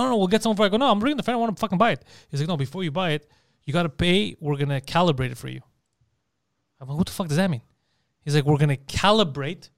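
Fast-talking high-voiced man telling stories. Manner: animated, profane, acts out both sides of arguments. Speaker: podcast co-host. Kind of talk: casual storytelling chat.

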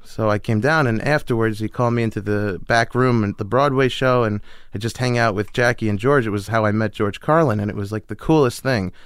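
A man's voice: on the low side, a little fast, hardly any pauses, clear, resonant tone, dry recording, studio quality. A young man, a comedian guest, telling stories in a casual interview and acting out the voices of the people he quotes. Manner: animated storyteller who acts out quoted voices. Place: host's garage studio.

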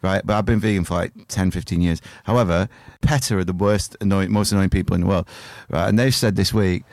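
A man's voice: low voice, fairly even intonation, fast talker, darkish tone, dry recording, studio quality. A man co-hosting a podcast, telling rambling, sweary stories in casual comedy chat. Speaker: podcast co-host.

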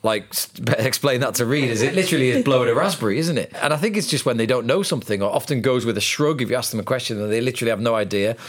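A man hosts a podcast in a quick, playful patter, steering the talk with leading questions. He speaks fast at a middle pitch. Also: animated. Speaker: podcast host. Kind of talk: casual chat.

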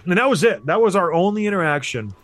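A man's voice: high-pitched, sing-song, quick pace, fairly bright tone. A man in his thirties telling a hockey story in casual chat, acting out the voices of the people he quotes. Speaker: podcast host, former hockey player.

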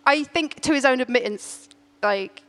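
A middle-aged woman, telling a story in a casual chat, animated, laughing often and restarting her sentences. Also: high voice, a little slow.

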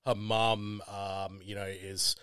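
A man's voice: lowish voice, flat delivery, slow pace, fairly bright tone, smooth, dry recording. A man telling a crude story in casual chat, swearing constantly and laughing a lot.

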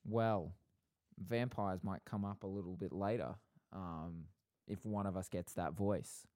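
A man's voice: low-pitched, fairly even intonation, measured pace, a little mellow, dry recording, clean studio sound. A man hosting a podcast, explaining an improv game and ribbing his co-host in a mock-stern way. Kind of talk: casual chat, running an improv game.

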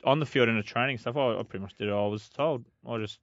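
A man's voice: medium pitch, fast, dry recording. A middle-aged Australian man, a former footballer, chatting casually as co-host, laid-back and self-mocking. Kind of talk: casual podcast chat. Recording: dull lo-fi dry sound.

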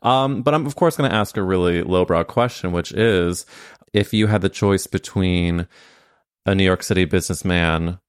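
A man's voice: sits low, moderate pace, smooth. A man hosting a podcast, asking playful, teasing questions in a casual chat. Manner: playful and teasing, laughs often. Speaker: podcast host.

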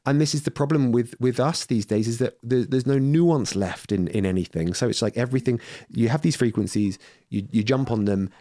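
A man's voice: medium pitch, a little fast, few pauses, dark tone, dry recording, studio quality. A man talking in a casual podcast conversation, rambling with many restarts and getting heated and sweary.

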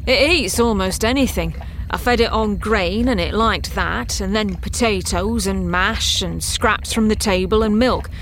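A woman's voice: mid-range voice, unhurried, fairly bright tone, a little hiss or hum, low-quality recording. A woman voicing an eager, nervous young male crewman who speaks up apologetically.

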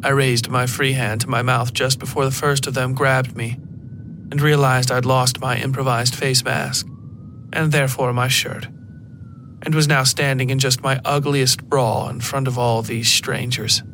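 A man reading a first-person horror story as a podcast narrator, in a measured, even storytelling manner. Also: mid-range voice, slight background noise.

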